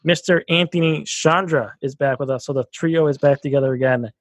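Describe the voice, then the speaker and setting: A man co-hosting a casual sports podcast, chatty and quick to laugh. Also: on the high side, no echo. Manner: laughs often, chatty with filler words. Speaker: podcast co-host.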